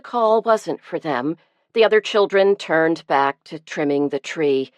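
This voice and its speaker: A woman narrating an audiobook in a measured, gentle storytelling manner. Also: low-pitched, lively intonation, dry recording. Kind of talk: scripted narration.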